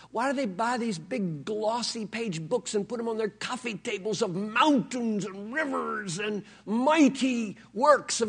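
A man preaching a sermon to students from a pulpit, swinging between loud, pleading emphasis and hushed, near-whispered lines. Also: high-pitched, breathy edge. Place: pulpit in a large hall.

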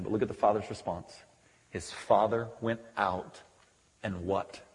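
A man preaching a sermon, animated and joking, who often drops into quieter asides between scripture readings. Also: on the low side, unhurried. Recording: long echoey hall reverb.

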